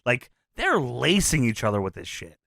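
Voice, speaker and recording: A man co-hosting a podcast in casual chat, excitable, laughing often and swearing freely. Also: medium pitch, normal speed, creaky, dry recording, clean studio sound. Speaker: podcast co-host.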